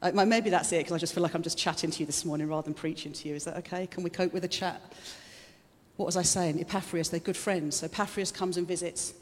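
A woman's voice: lowish voice, fairly even intonation, fast. Emotional woman preaching in a reverberant hall. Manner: emotional, chatty, laughs often. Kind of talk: casual conversational sermon. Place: church hall.

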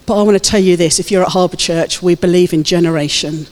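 A woman's voice: on the low side, steady tone, fast, darkish tone. Woman pastor, fervent exhorting sermon, reverberant church hall. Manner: fervent, exhorting, calls out to the congregation.

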